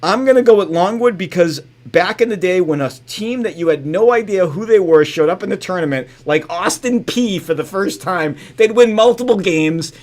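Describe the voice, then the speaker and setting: A middle-aged man with a somewhat high voice, co-hosting a relaxed sports podcast. He lays out his reasoning earnestly and lets his sentences fade quietly at the end. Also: normal speed, few pauses. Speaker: podcast co-host. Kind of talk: casual sports chat.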